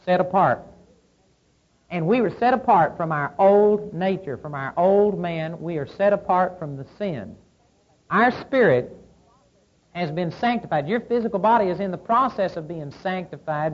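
A woman preaching a sermon, emphatic, asking rhetorical questions and reading scripture aloud. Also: lowish voice. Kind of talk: sermon teaching. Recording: slightly dull lo-fi recording.

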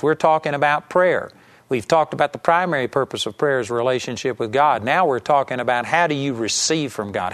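Earnest male preacher. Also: medium pitch. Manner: earnest preaching, reads scripture slowly with emphasis. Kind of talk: sermon.

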